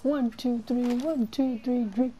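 A young woman streaming a game with friends chats casually in a warm, slightly high voice that's steady and slow. She's playful and giggly, slipping into silly sing-song bits, with slight background noise behind her.

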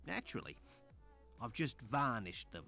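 A man's voice: medium pitch, very animated, normal speed, creaky, pushed and bright, faint music behind, full character voice. An actor with an Australian accent playing a sarcastic, snooty male city gardener in an adventure game. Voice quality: sardonic, dismissive. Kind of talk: 1990s adventure game voice acting.

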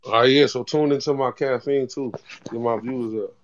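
A man's voice: medium pitch, steady tone, normal speed, no room sound. Male host, loose and rambling, dry and dull lo-fi audio. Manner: laid-back, laughing and rambling. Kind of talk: casual chat.

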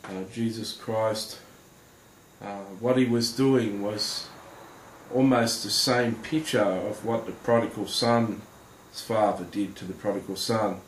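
Halting earnest man in an echoey room. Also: fairly low pitch, steady tone. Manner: halting and earnest, many pauses and fillers. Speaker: Christian testimony speaker. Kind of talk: personal testimony addressed to viewers. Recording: roomy echo with faint background noise.

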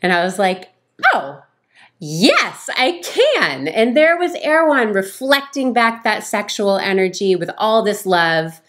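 A middle-aged woman and relationship coach telling a casual story, acting out quoted lines with sudden higher, louder voices. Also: very animated, slow pace.

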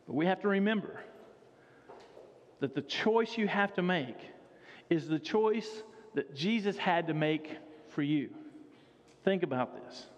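A male pastor preaching a sermon in a church, emphatic and repeating his key phrases. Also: high voice. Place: church sanctuary. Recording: dull sound with long hall reverb.

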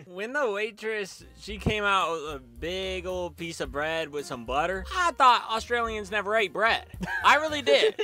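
A man's voice: high voice, animated, a little slow, sharp tone. A young man co-hosting a vlog, talking eagerly about food in casual chat. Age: young adult. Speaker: vlog co-host.

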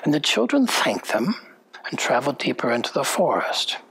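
A woman minister telling a story to her congregation during a sermon, with an expressive, deliberate delivery. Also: a bass voice, husky.

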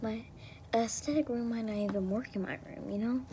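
A teenage girl vlogging in a rambling, excitable and anxious way, often dropping to a whisper. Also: a little high, normal speed, heavy background noise. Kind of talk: casual vlog chat.

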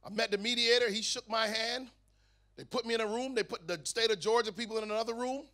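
A man giving his testimony at a youth camp meeting, telling the story in a lively way and acting out the dialogue. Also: extremely high pitch, quick pace. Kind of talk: testimony sermon to a youth audience.

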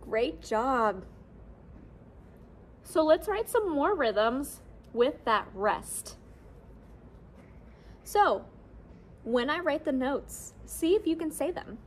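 A young woman teaching children a music lesson on rhythm, cheerful and clear, modeling syllables for them to repeat. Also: high-pitched, very animated, extremely slow, pauses often, slight background noise. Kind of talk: classroom lesson video for children.

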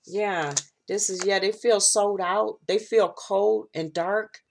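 A woman's voice: mid-range voice, steady tone, slow, creaky, slight background noise. Blunt, profane woman tarot reader. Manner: blunt, profane, streetwise, punctuated with "all right?" and "okay?". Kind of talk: casual tarot reading to viewers.

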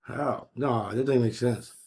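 A man's voice: medium pitch, steady tone, a little slow, darkish tone, husky. A young man livestreaming as he gambles online, exasperated and swearing heavily while he berates his viewers. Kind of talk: live-stream reaction.

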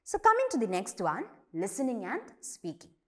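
A young adult woman teaching an online class to young children, explaining slowly and patiently by asking and answering simple questions. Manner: reads dialogue lines aloud with lively pitch jumps.

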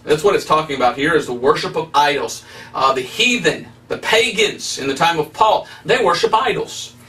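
Male evangelist, fairly high voice, emphatic preacherly delivery, mic a little far off. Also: lively intonation, moderate pace, bright, forceful tone. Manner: emphatic, preacherly, with rising stresses. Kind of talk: preaching Bible study.

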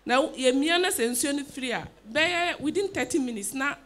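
A woman giving a testimony at a church service, telling her story in an animated way. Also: high voice, fairly quick.

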